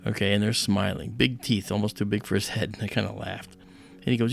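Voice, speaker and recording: A man's voice: fairly low pitch, fairly quick, creaky, a little hiss or hum. A man hosting a livestream, telling a personal story casually and animatedly, acting out the voices of people in it. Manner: animated retelling, acts out quoted voices. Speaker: livestream host.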